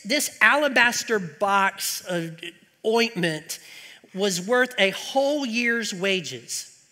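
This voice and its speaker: A man's voice: high voice, sharp tone, in a large hall. A male pastor preaching a conversational sermon with joking asides, asking the congregation rhetorical questions in a church.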